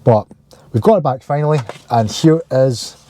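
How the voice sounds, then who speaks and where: A man's voice: medium pitch, normal speed, dark tone, slight background noise. Chatty Scottish man vlogging from his car. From Scotland. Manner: chatty, jokey, exasperated rants. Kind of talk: casual vlog to camera.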